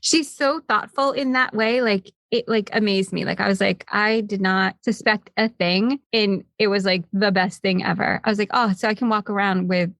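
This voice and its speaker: A woman hosting a podcast, telling stories in an animated, chatty way with many filler "like"s. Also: mid-range voice, normal speed, gravelly, few pauses, no room sound. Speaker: podcast host. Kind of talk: casual chat.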